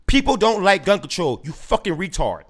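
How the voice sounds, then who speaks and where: A man's voice: high-pitched, big pitch swings, fairly quick, fairly bright tone. A man hosting a solo podcast, ranting with heavy profanity, repeating and stumbling over his words as he gets heated. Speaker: podcast host. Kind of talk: solo political rant podcast.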